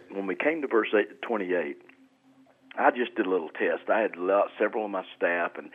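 A man, a pastor, explaining scripture in an earnest radio interview, often repeating words as he restarts. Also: deep voice. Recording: tinny phone-like radio line.

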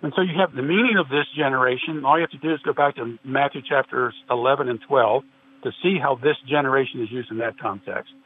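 A man's voice: mid-range voice, quick pace, breathy edge. A man guest in a religious discussion, earnestly explaining and quoting scripture at length. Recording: tinny phone-like line with faint hiss.

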